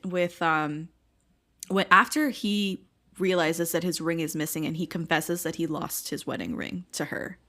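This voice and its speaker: A woman co-hosting a podcast, chatting casually about a drama, retelling scenes with acted-out quotes and frequent laughter. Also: on the low side. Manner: animated storytelling, acts out quoted lines, laughs often. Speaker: podcast co-host. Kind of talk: casual chat reviewing a drama.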